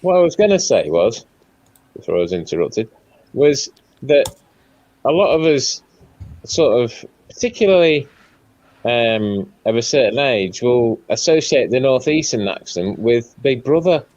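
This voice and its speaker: Lively rambling man in casual chat. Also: medium pitch, measured pace, highs cut off. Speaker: chat participant.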